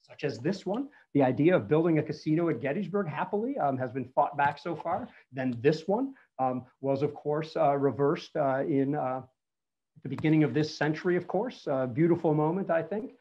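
Man, 50s, somewhat high voice, rambling storyteller style over a dull video call line. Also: lively intonation, normal speed, slightly rough. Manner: chatty storytelling with frequent fillers. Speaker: battlefield preservation speaker. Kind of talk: conversational online history talk. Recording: muffled lo-fi audio.

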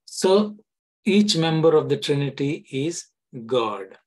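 A man's voice: on the high side, animated, slow, a little mellow, low-quality recording. A middle-aged male pastor giving a Bible-teaching sermon, reading scripture verses aloud and explaining them, with frequent restarts.

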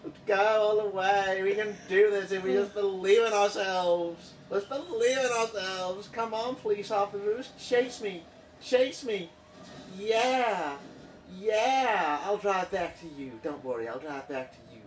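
A man's voice: high voice, measured pace, far from the mic, a little hiss or hum, low-quality recording. A man putting on a ditzy tan guy with a mock Quebec accent. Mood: smug. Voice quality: breezy, valley-speak drawl full of "oh my God" and "like". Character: ditzy tanned young man with a faked Canadian accent. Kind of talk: improvised voice-over on game footage.

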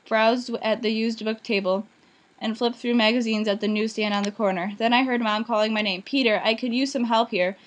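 A woman reading a children's novel aloud, voicing each character plainly, with small slips and restarts. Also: fairly high pitch. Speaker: audiobook reader.

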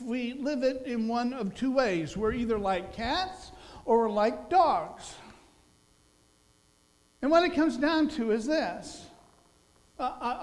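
High-pitched preacher guy, animated sermon, echoey church with some hum. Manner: animated, emphatic preaching that drops soft and low at the close. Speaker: senior minister. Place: church sanctuary. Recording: long church hall reverb with mains hum.

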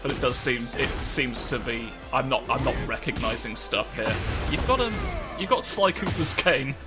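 A man riffing through a video game as a let's play host, his pitch bouncing in an animated way. He jokes, swears and laughs freely while game music plays behind him. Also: moderate pace. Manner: excitable, joking, swears and laughs often. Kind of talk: casual gameplay commentary.

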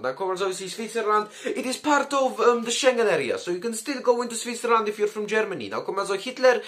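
A man with a high voice hosts a crude comedy history show as a mock communist commander. He swears constantly and peppers every sentence with "comrades". His delivery is loose and rambling. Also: fairly bright tone. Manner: crude, swears often, calls the audience comrades. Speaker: comedy history video host.

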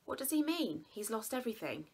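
A woman's voice: fairly high pitch, big pitch swings, a little fast, vocal fry, darkish tone, slightly rough, voice pushed up, full character voice. A woman voicing a polite, eager young schoolboy with a raised, eager delivery.

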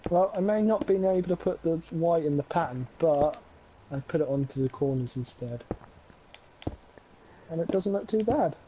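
A man's voice: on the high side, animated, normal speed, long pauses, warm tone. A man streaming a block-building game, chatting in a laid-back, joking way with a friend. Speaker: gaming streamer. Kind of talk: casual let's-play chat. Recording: muffled, lo-fi stream audio with clear background noise.

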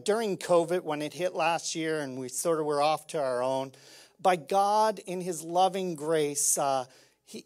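A man preaching a sermon as pastor, conversational and fervent, swinging between hushed asides and loud emphasis with many "like" fillers. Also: fairly high pitch.

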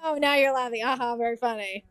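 A woman's voice: a little high, fast talker, fairly bright tone, no echo. A young woman hosting a casual game livestream, chatting and giggling with viewers and breaking into yawns. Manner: giggly, chatty, yawning between sentences. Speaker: streamer and game host. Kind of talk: casual livestream chat while playing.

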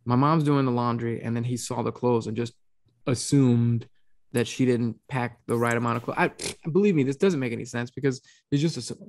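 Gravelly-voiced man telling a story. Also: a little fast. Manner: animated storyteller, imitates his dad in a low mumble. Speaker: podcast host. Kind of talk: casual chat, storytelling. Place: home, on a video call.

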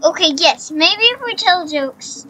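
A woman's voice: very high voice, animated, unhurried, sharp tone, poor audio. A woman giving casual commentary over a video game, rambling, repeating herself and talking to the character on screen. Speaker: gaming channel host.

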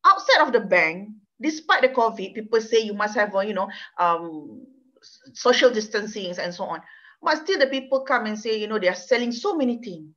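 A woman's voice: mid-range voice, lively intonation, moderate pace, pushed and bright. Earnest Malaysian woman lecturing on law. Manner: earnest, emotional, repeats words, non-native phrasing. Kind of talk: university lecture with personal story. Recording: dull lo-fi sound.

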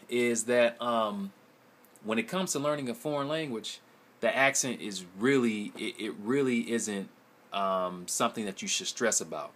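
A man's voice: fairly low pitch, measured pace, a bit bright. A man, a language-learning vlogger, giving a casual video response in a rambling, hesitant way, with many ums and repeated words. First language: English.

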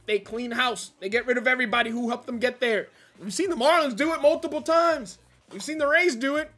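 Young male gaming commentator, very high bright voice, rambling, frustrated, quick to loud outbursts, game music faint behind. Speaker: gaming YouTuber. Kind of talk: casual gameplay commentary.

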